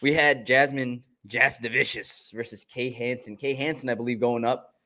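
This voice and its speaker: A man's voice: medium pitch, steady tone, moderate pace, bright, forceful tone. Easygoing man steering a casual chat. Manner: easygoing, leads the run-through, jokey. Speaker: podcast co-host.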